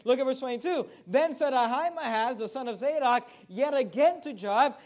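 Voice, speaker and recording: A man preaching a sermon as pastor, emphatic, swelling louder at key points and repeating words for stress. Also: extremely high pitch, normal speed, few pauses.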